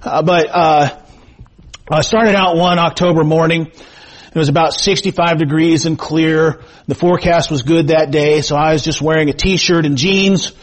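A middle-aged male pastor preaching a sermon, reading scripture and praying slowly, then telling stories folksily with many fillers. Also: a little high, fairly even intonation. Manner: slow, measured scripture reading and prayer; folksy storytelling with frequent fillers. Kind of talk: sermon with prayer and personal storytelling. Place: church sanctuary.

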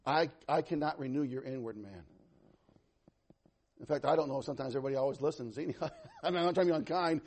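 A man preaching a sermon as pastor, animated and conversational, swinging from loud to soft with some self-deprecating humor. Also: mid-range voice, fast talker, pauses often.

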